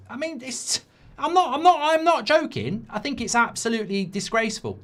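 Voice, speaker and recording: A man's voice: very high-pitched, big pitch swings, normal speed, fairly bright tone. A middle-aged man hosting a live football watchalong, ranting and swearing, mocking people in whiny voices and reading chat messages aloud.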